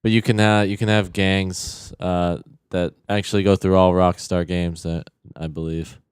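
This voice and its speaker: A man's voice: low-pitched, little pitch movement, normal speed, clear, resonant tone, dry recording, clean studio sound. A man in casual podcast chat, talking hesitantly with many fillers. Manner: hesitant, lots of "uh" and "like". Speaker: podcast co-host.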